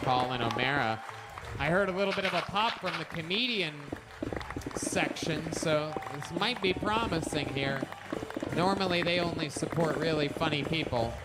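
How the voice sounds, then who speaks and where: A man's voice: fairly high pitch, normal speed, a loud crowd. A man hosting a live comedy show, roasting a guest with crude, mocking humor. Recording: loud background noise with clicks.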